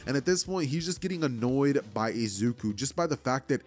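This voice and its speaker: A man's voice: mid-range voice, animated, a little fast, a little mellow. A man casually narrating a fan-made story, rambling along and leaning on "like" and "you know". His voice sits in an ordinary middle range. Faint music plays underneath.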